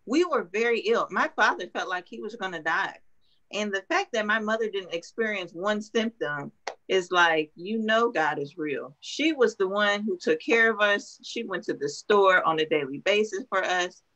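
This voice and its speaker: A young woman on a video call, earnestly telling her story as an interview guest and often pausing with ums. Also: mid-range voice, lively intonation, fairly bright tone, muffled recording. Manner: earnest, hesitant with many ums. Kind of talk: emotional interview testimony.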